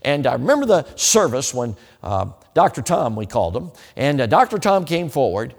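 Lively preacher man in a reverberant hall. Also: mid-range voice, moderate pace. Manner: animated, folksy, laughs between points. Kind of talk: sermon. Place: church sanctuary. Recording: long reverb of a large hall.

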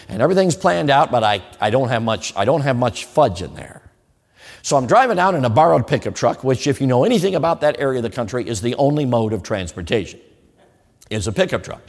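Folksy preacher in an echoing hall. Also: male voice, medium pitch. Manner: folksy, humorous, addresses the audience directly. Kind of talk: sermon storytelling.

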